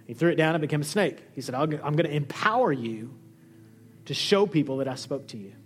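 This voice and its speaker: A man preaching a sermon as a pastor, animated, acting out the dialogue he quotes. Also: brisk. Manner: lively, acts out quoted dialogue with shifting pitch. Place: church hall.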